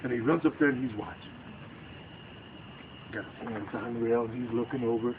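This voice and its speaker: A man's voice: mid-range voice, fairly quick, long pauses. A man telling a spooky story to family around a bonfire at night, acting out the panicked lines of the people in it. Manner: lively, acts out the characters' panicked lines. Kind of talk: animated spooky campfire storytelling. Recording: tinny, noisy home video.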